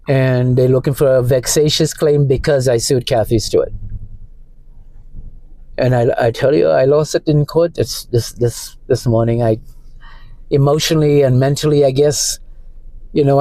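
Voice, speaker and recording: Shaken man, dark dry voice. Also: medium pitch, dry recording, low-quality recording. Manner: distressed, halting, repeats himself. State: emotionally shaken. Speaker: vlogger. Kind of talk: emotional personal monologue. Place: parked car.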